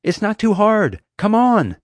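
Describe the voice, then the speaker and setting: A man voicing a bold, quick-thinking young girl who calls out urgent, commanding lines. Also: sits high, wildly swooping pitch, dry recording, pitched above the performer's own voice, full character voice.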